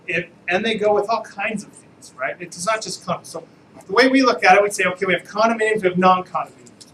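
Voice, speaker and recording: A man's voice: high-pitched, bright, forceful tone, a little hiss or hum, low-quality recording. A man, an attorney, giving a casual, joking live training talk to real estate agents and asking the room questions.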